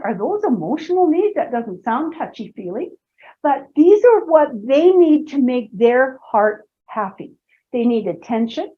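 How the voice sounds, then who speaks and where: High-pitched woman giving a fun seminar talk, chatty storyteller, kinda muffled lo-fi recording. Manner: lively, anecdotal, playful asides to the audience. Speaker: presenter and personality trainer. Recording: dull lo-fi lecture recording.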